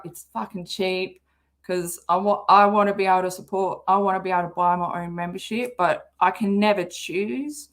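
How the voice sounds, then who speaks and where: An Australian woman hosting a casual livestream, rambling and swearing often, with a slightly hoarse throat. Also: mid-range voice. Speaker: livestream host.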